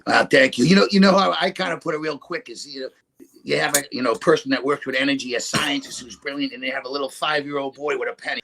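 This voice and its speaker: A man's voice: mid-range voice, quick pace, gravelly, a bit bright. A man co-hosting a podcast in casual chat, laid-back and heavy on fillers.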